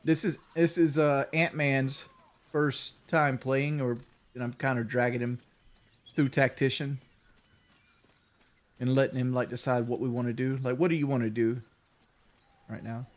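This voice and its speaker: A man streaming a video game, chatting casually to his viewers and co-player, relaxed with loose restarts and quick laughs. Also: mid-range voice. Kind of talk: casual gaming chat.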